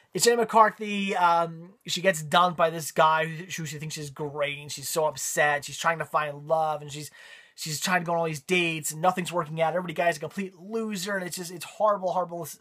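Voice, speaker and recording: A man's voice: a little high, fairly bright tone. A man giving a casual spoken movie review, rambling with frequent ums and repeated words.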